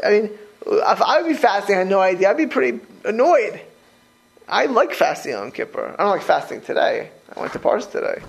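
A man's voice: high-pitched, fairly quick, creaky, husky, poor audio. A man teaching a Torah class as a rabbi, talking straight to his listeners with rhetorical questions and frequent restarts. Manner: animated, conversational, repeats words while restarting. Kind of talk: informal Torah lecture.

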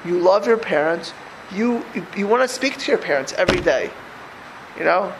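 An older man with a high voice teaches a religious class in a loose, chatty way. He circles back over his points and keeps asking rhetorical questions. A faint hum of the room sits behind him. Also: animated, normal speed. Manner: conversational, rhetorical questions, repeats phrases. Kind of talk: Torah class lecture.

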